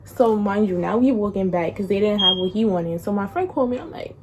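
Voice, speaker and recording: A woman's voice: a little fast, background noise. Laughing young woman telling a storytime. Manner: animated, slangy, laughs often, acts out quotes in a higher voice. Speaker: vlogger. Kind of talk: casual storytime.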